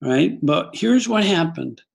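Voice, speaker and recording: A middle-aged man recounts a personal story to an interviewer, earnest and reflective. His voice is deeply gravelly and husky, and he often stumbles and restarts mid-sentence. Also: lively intonation, slow. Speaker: guest. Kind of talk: conversational storytelling.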